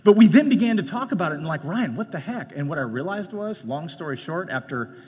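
A man preaching a sermon in a conversational way, jumping from loud, emphatic lines to hushed ones and slipping in joking asides. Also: a little high, animated, fast talker, husky. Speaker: pastor. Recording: long reverb of a large hall.

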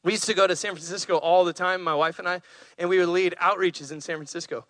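A man with a high, bright voice preaches through lively stories. He acts out animals with playful voices for his listeners. The sound is dry and close. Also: quick pace, no echo. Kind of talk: storytelling sermon.

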